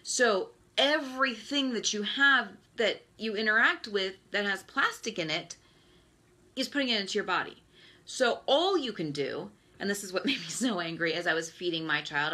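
A woman's voice: mid-range voice, expressive, moderate pace, bright, forceful tone. A woman in her thirties hosting a live stream, talking in a ranting, exasperated way about everyday hazards. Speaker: host. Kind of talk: Facebook Live talk.

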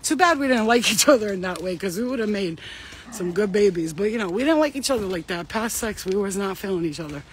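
A woman's voice: medium pitch, animated, fast talker. A woman chatting casually while walking her dog outdoors, blunt and profane and laughing often. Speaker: vlogger. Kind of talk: casual chat.

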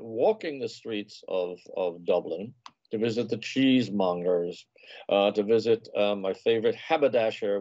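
A man's voice: fairly low pitch, darkish tone, dry recording, lo-fi sound. A man guest on an interview show, a food and travel writer telling leisurely, anecdotal stories in casual conversation.

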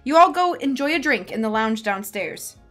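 A woman's voice: fairly high pitch, expressive, normal speed, a bit bright, soft background music. A woman reading aloud, voicing a harried female hotel manager who pleads and placates. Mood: placating.

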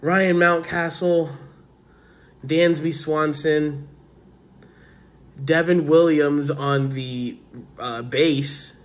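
Male vlog host, a bit higher pitched, excitable and stumbling over words as he opens packs. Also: drawn-out words, long pauses. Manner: excitable, stammering repeats, calls viewers dude and man. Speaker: host opening sports card packs. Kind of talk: casual excited vlog chat.

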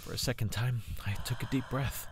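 A man slowly reading a first-person fantasy story with dramatic delivery. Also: mid-range voice, fairly even intonation, noisy background. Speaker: story narrator. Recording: rain and thunder ambience. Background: rain and thunder sound effects.

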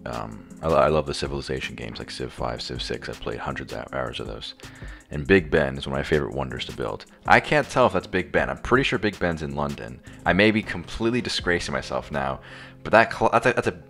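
Young American man, extremely deep voice, halting casual quiz answers. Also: creaky, a bit bright. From United States. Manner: hesitant, thinking aloud with many restarts. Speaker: quiz contestant. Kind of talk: casual chat.

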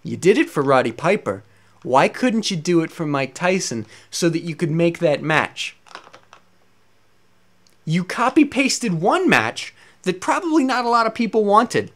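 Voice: mid-range voice, big pitch swings, unhurried, fairly bright tone. A let's play commentator in an angry, profane rant, firing exasperated rhetorical questions at the game's makers.

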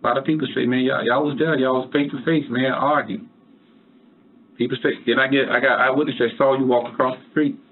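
Man, police detective, interrogation, repeating questions, husky, lo-fi phone-like audio. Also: medium pitch, fairly even intonation, fairly quick.

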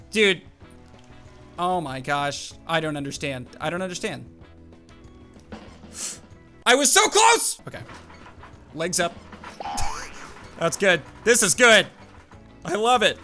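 A young man narrates his gameplay with an animated, exclaiming manner. His voice sits high and swings widely in pitch. Faint music plays underneath. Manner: animated, exclaims and laughs at the game. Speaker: gaming YouTuber. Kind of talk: excited gameplay commentary.

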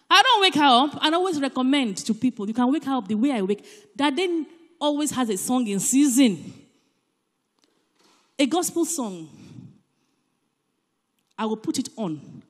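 Nigerian woman speaking at church, high voice, animated and emphatic, long hall echo. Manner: animated, emphatic, shifts between loud and soft. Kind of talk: church talk on parenting.

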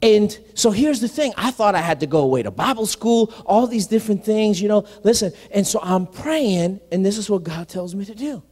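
A male senior pastor telling a personal story in a conversational sermon, animated, often saying "listen" and restarting phrases. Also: sits high, normal speed, few pauses. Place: church sanctuary. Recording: live sermon in a reverberant hall.

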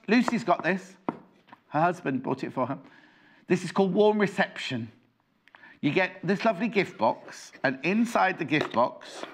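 A man hosts a live shopping broadcast from a studio, chatting freely and wandering off topic between sales pitches. His voice sits a little high and swings widely in pitch. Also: noisy background. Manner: chatty, rambling, reads out viewer messages. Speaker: shopping channel presenter. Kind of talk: live TV selling chat. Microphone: earpiece and presenter mic.

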